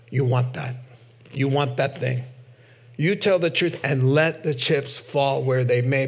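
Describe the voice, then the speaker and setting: A man preaching a sermon with passion, swinging from quiet asides to loud pleading. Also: fairly high pitch, gravelly, lo-fi sound.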